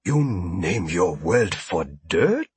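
A fussy male alien trader fawns and gushes in a soft, hushed voice, as a male narrator puts him on. The tone is husky and slightly low, recorded dry and close. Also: sing-song, drawn-out words, no room sound, full character voice. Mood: fawning. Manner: fawning, effusive, repeats words.

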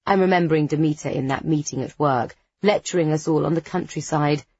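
A woman's voice: low-pitched, a little fast, darkish tone, slightly rough, highs cut off. Wry woman narrating a story. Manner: wry, conspiratorial, dry understatement. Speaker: audiobook narrator. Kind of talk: first-person audiobook narration.

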